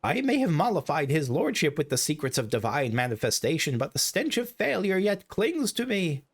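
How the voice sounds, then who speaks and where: A man playing a gloating high villain. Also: very animated, moderate pace, slightly rough, heavily acted. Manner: grandiose, vengeful. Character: gloating villainous male scientist.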